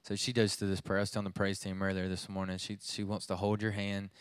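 A man's voice: on the low side, little pitch movement, fast talker, few pauses, clean tone, no room sound. A youth pastor in his thirties preaching a sermon, telling a family story in a conversational way with many restarts.

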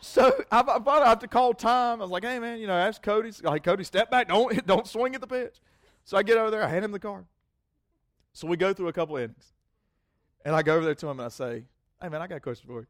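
Man, pastor, sermon, slightly high pitch, dry close sound, rambling, self-mocking storytelling. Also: fast, dry recording. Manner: rambling, self-mocking, repeats words, acts out both sides of a dialogue.

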